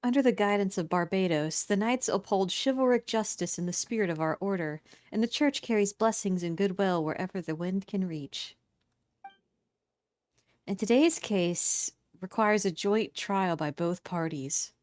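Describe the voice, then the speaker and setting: A woman voicing a composed female knight commander, reading the game lines in a formal, measured way. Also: medium pitch, a little mellow, dry recording, natural voice. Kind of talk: reading game dialogue aloud.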